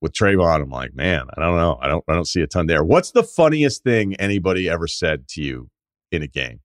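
A man with a fairly low voice hosting a sports podcast, conversational and analytical, sometimes sinking into a mutter. The sound is close and dry, as from a studio microphone. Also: big pitch swings, brisk, no room sound. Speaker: podcast host. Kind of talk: casual sports talk.

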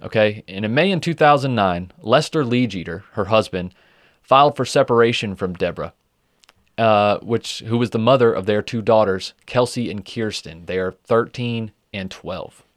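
A man hosts a true crime podcast in a conversational way, using plenty of fillers and the occasional swear word. His pitch is fairly low and his speed normal, and the recording is dry, clean studio sound.

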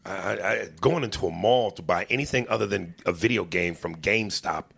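Brief: male host, gravelly, bright and edgy, loud and profane. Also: low-pitched, a little fast. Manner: loud, animated, swears freely. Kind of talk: casual profane chat.

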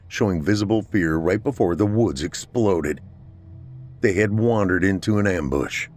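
A man narrates a horror serial in a scripted, measured way. His voice sits deep and low. The telling stays steady and controlled. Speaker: story narrator.

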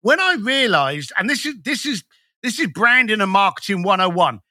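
A man's voice: high voice, very animated, normal speed, sharp tone, dry recording, studio quality. A man, a business coach talking bluntly and emphatically as a podcast guest. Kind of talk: podcast conversation.

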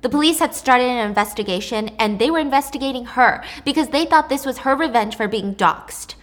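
Woman, storyteller, chatty asides, slightly high voice. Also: lively intonation, brisk. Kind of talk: casual spoken storytelling.

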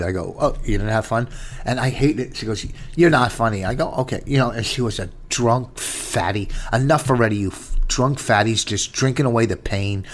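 A middle-aged man, a stand-up comedian, telling stories on a casual podcast in a blunt, profane way, full of restarts. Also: fairly low pitch.

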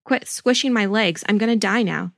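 A woman's voice: mid-range voice, normal speed, gravelly, a bit bright, dry recording, clean studio sound. A woman voicing a terrified ten-year-old girl as she reads a transcript aloud, pleading and panicked. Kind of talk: dramatic transcript reading.

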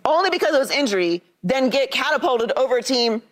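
A woman losing her voice, hosting a sports debate, playful and quick to argue back. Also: high voice, sing-song. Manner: playful, stumbles and restarts when pressed. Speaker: sports debate show host.

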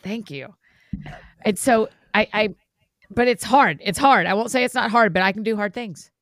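A woman's voice: medium pitch, lively intonation, normal speed, fairly bright tone, dry recording, studio quality. A woman co-hosting a podcast in casual, enthusiastic chat. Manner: enthusiastic, laughs easily. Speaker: podcast co-host.

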